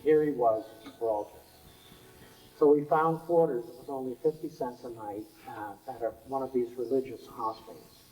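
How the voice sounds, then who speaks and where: Mellow-voiced man telling stories. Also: medium pitch, moderate pace, low-quality recording. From United States. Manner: rambling anecdotal storytelling, frequent chuckles and fillers. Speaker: interviewee. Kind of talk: oral history storytelling.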